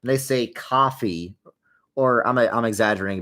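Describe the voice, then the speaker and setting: A man's voice: on the low side, a little fast, a bit bright. Chatty young man streaming while gaming. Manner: rambling, chatty, drifting into wry sarcastic asides. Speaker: livestream host answering viewer questions. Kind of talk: casual livestream chat while playing a game.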